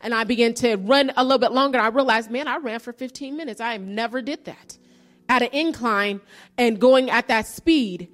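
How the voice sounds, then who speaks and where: A woman's voice: a little high, moderate pace, a bit bright. A woman giving an earnest sermon-style testimony, telling her story and rising into preaching emphasis.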